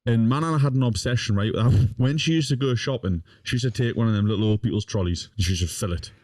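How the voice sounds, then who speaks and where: Young man, podcast guest, casual storytelling, lots of swearing, laughs along, average pitch. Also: fast, a little mellow, no echo, studio quality. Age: young adult. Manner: swears a lot, laughs while telling.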